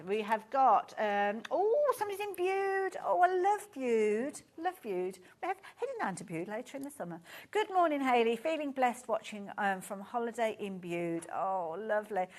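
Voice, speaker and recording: Chatty Brummie woman selling fabric. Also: fairly high pitch. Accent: Birmingham English. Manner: chatty, gushing, easily sidetracked. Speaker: shopping channel presenter. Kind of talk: live sales presentation. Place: TV studio.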